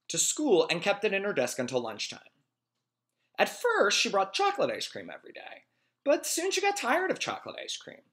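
A man reading a children's storybook aloud in a friendly, expressive, animated way. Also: fairly high pitch. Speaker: reader.

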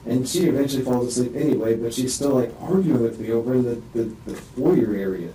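A distressed man in a police interview room rambles through a halting statement, full of restarts, his voice rising and strained. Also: mid-range voice, warm tone. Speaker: suspect being questioned. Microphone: distant room microphone. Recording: echoey room, distant mic, faint hiss.

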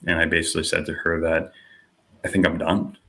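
Deep-voiced man telling his story. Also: completely flat delivery, a little fast, pushed and bright. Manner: storytelling, acting out quoted voices, frequent "you know" and "like". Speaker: podcast guest. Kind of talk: personal testimony in casual conversation.

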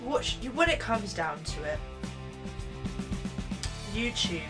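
A woman's voice: mid-range voice, very animated, moderate pace, over loud music. A young woman vlogging in a sarcastic, rambling way, swinging between mock anger and gloom. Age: young adult. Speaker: YouTuber. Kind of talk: comedic vlog rant.

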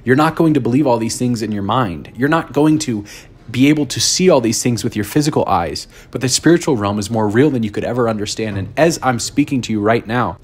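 Man, husky voice, earnest preachy commentary, addresses the viewer. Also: mid-range voice. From United States. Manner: earnest, exhorting the viewer directly. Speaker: host reacting to a clip.

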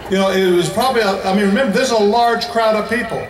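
An American man delivers an emphatic evangelistic sermon and slows down on the phrases he wants to stress. His voice sits fairly high for a man. The sound is echoey, as if picked up from a distance in a big hall. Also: crowd noise. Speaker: evangelist preacher. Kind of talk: evangelistic sermon to a large crowd. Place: large indoor event venue.

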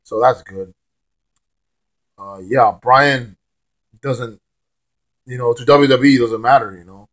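A hoarse young man rants bluntly as a wrestling fan vlogger, stammering and repeating words, with some swearing. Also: medium pitch, fairly even intonation, slow, pauses often. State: hoarse, lost his voice. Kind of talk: casual ranting monologue.

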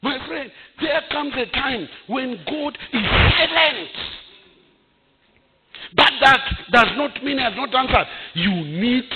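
Man, pastor, sermon, slow delivery, noisy recording. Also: extremely high pitch, creaky, narrow, tinny audio. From Zambia. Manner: animated preaching with shouted bursts and chuckles.

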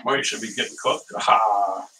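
A man's voice: fairly low pitch, fairly quick, bright, forceful tone, slight background noise. A middle-aged man hosting a cooking show from his kitchen, chatting casually and telling rambling stories with frequent laughs. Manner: rambling storyteller, laughs often. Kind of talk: casual chat while cooking. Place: home kitchen. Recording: voice heard from a distance.

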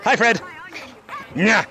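A man in his thirties excitedly shouting and laughing through VR gameplay commentary from his apartment, on a headset mic. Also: very high voice. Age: 30s. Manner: shouty, playful, laughing a lot. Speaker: gaming content creator.

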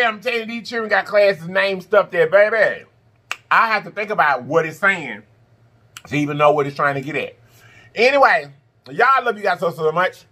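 A middle-aged man chats straight to his viewers while he eats. His voice is bright and fairly high for a man, and he keeps it affectionate and a little preachy, calling everyone "baby" and "y'all". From Southern United States. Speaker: mukbang vlogger. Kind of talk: casual talk to camera while eating.

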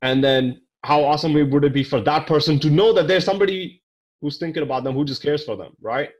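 A man's voice: fairly high pitch, fairly quick, darkish tone, muffled recording. A man hosting a podcast interview, chatting casually and enthusiastically summing up his guest's points. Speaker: podcast host.

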